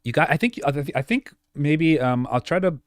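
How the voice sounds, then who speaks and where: A man's voice: on the high side, lively intonation, moderate pace, no room sound, clean studio sound. A man coaching viewers through gameplay on a live stream, direct and repetitive with lots of fillers. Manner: direct, repeats points, many fillers. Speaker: game coach.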